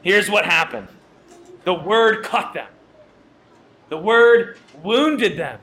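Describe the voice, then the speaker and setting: Bright, high-voiced preacher man. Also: lively intonation, slow pace. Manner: earnest, emphatic preaching with repeated phrases. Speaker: pastor. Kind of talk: sermon.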